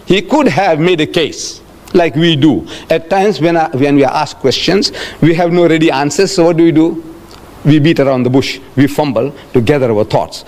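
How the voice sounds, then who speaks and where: A man's voice: a little high, expressive, moderate pace, a little mellow. An older man with a South African accent giving a public religious lecture, emphatic and repetitive, acting out quoted speech. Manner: emphatic, repeats phrases, acts out quoted speech. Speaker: Islamic lecturer.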